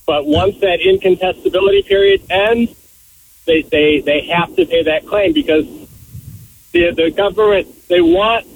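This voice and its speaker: A man's voice: sits high, measured pace, a little hiss or hum. A man calling into a radio show, politely correcting the hosts and repeating his words as he explains. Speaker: caller. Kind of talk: phone-in explanation. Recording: tinny phone line.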